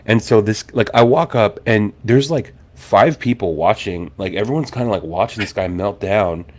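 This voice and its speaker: A young adult man hosts a casual podcast round table and tells a story with plenty of energy. He swears freely and puts on the voices of the people he quotes. His voice sits a little on the low side. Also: normal speed, a little mellow. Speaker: podcast host.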